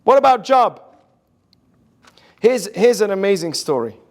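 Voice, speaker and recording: High voiced rabbi guy, earnest storytelling, talking to a crowd about faith. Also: big pitch swings, measured pace. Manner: earnest storytelling, drops to a hush for quoted lines. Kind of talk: inspirational talk to an audience.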